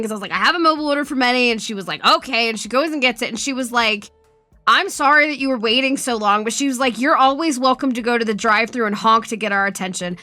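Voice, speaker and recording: A young woman streamer chatting casually, with a fairly high, bright and forceful voice. She rambles and swears freely as she tells her stories, close to the mic in a dry room, with faint music playing underneath. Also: no echo. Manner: swears often, rambling and animated storytelling. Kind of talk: casual chat.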